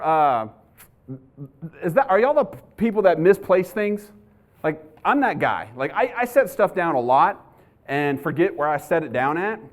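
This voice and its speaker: A middle-aged police trainer, giving a live training talk to an audience and telling stories as he goes. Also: fairly high pitch. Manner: conversational storyteller, acts out his own panic. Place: university lecture hall.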